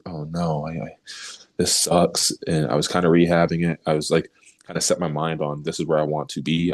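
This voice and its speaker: A young man, a baseball pitcher guest, telling stories in a casual interview and acting out the lines of the people he quotes. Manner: animated storyteller who acts out quoted remarks, laughs easily.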